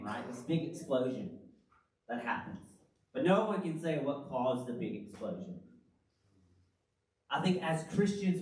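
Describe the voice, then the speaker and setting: A male pastor preaching in a lively, conversational way, tossing rhetorical questions to the room. His voice sits a little high for a man. It carries through a very echoey church hall, picked up from some distance. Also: slight background noise. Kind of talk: sermon. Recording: very echoey hall, from the far mic.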